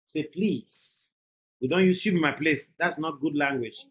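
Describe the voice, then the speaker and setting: In a temporary learning center's classroom, a woman with a low voice speaks at a measured pace, gently urging young kids along and repeating prompts so they echo them. She's an adult, and the room is echoey with faint noise.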